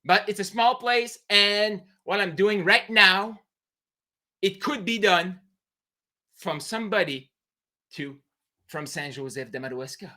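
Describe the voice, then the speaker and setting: A man with a French Canadian accent, a native French speaker, giving a fervent, halting monologue as an entrepreneur coach on a late-night live stream. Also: sits high, pushed and bright. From New Brunswick, Canada. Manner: emphatic, fervent, halting non-native English with broken phrasing.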